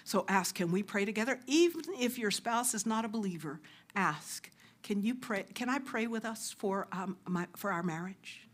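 Middle-aged woman preaching, earnest, urging ppl on, goes soft and hushed sometimes. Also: medium pitch, animated, normal speed. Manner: earnest, exhorting, drops to soft hushed asides. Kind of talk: sermon.

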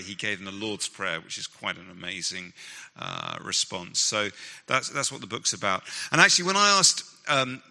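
Man, guest speaker, enthusiastic stage storyteller, bright tone, long hall echo. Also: lowish voice, very animated, creaky. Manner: enthusiastic storyteller, quick asides and impressions. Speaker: guest author and Christian leader. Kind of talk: animated talk to a live audience.

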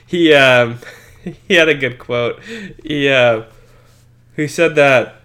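A man's voice: medium pitch, slow pace, fairly bright tone. A young man co-hosting a podcast in casual chat, rambling and joking with many fillers and restarts. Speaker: podcast co-host.

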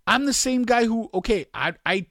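A man's voice: very high voice, expressive, moderate pace, fairly bright tone, no echo. A man in his forties co-hosting a casual podcast, defending his habits with dry jokes and telling family stories. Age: 40s. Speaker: podcast co-host. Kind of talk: casual banter.

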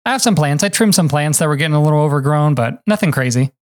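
Hesitant, fairly high-pitched man. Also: animated, fast talker. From California. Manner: hesitant, many fillers, low-key. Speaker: podcast co-host. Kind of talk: casual chat.

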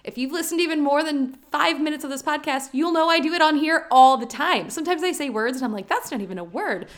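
A woman co-hosting a podcast, earnest and quick when she gets excited, in casual chat. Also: high voice. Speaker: podcast co-host.

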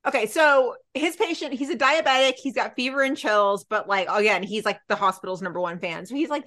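Animated woman recapping a show. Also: on the high side. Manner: animated, acts out characters' lines in quick voices. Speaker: podcast co-host. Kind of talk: casual chat recapping a TV episode.

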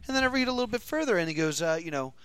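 A man's voice: high voice, big pitch swings, racing, fairly bright tone, smooth, no echo. A man hosting a podcast, rambling through stories in a self-mocking, casual way. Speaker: podcast host.

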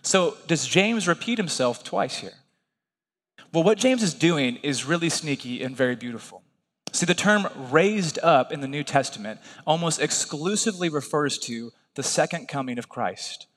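This pastor's sermon sounds like a big room, and his voice is a little high at a moderate pace. He preaches in an easygoing, folksy, conversational manner, regularly checking in with those listening.

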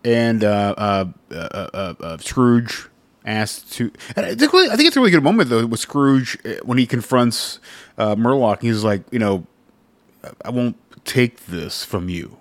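A man's voice: mid-range voice, very animated, normal speed, dry recording. A man co-hosting a podcast, chatting casually about a film, rambling with lots of fillers and restarts and casual swearing. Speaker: podcast co-host. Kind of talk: casual chat.

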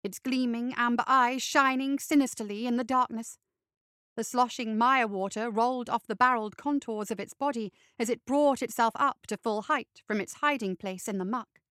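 A woman reads a fantasy story aloud in a steady, even voice. Her tone is bright and crisp, a little high, recorded close and dry with no room sound. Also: normal speed, no echo. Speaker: narrator. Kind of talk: storybook reading.

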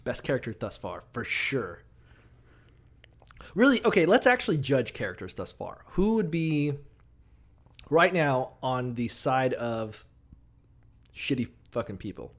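A man co-hosting a podcast, casually retelling Bible stories with heavy swearing and quick acted-out voices for the characters. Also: mid-range voice. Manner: profane, animated, acts out characters in quick bursts. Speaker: podcast co-host.

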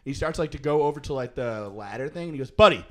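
A man's voice: mid-range voice, fast, darkish tone. A man, co-hosting a podcast and telling a laughing, crude story in casual chat. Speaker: podcast co-host.

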